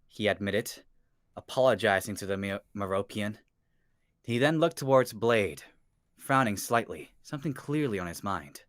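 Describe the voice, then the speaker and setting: A man co-hosting a show, reading fanfiction narration aloud in a steady manner. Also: on the low side, normal speed, dry recording, clean studio sound. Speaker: narrator and co-host.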